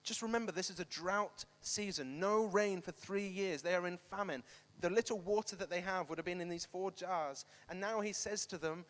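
A man preaching a sermon to a congregation, animated and emphatic, repeating phrases for effect. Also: high voice, moderate pace, in a large hall. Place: church hall with congregation, also streamed online.

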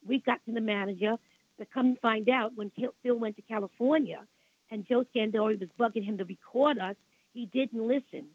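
This older woman's fairly high voice, with a Brooklyn accent and a normal speed, comes through a tinny phone line without echo. Guesting on a radio interview, she tells long, rambling stories, repeats herself and sounds indignant about the past.

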